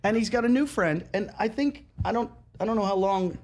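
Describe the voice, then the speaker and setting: A man's voice: sits high, fairly quick, a little mellow. A man co-hosting a podcast, telling a story in casual chat and laughing often as he goes. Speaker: podcast co-host.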